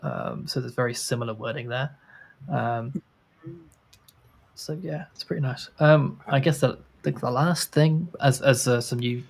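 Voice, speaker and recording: Chatty man hosting a tech livestream. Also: mid-range voice. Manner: rambling with many restarts and fillers. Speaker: host. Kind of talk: casual livestream chat.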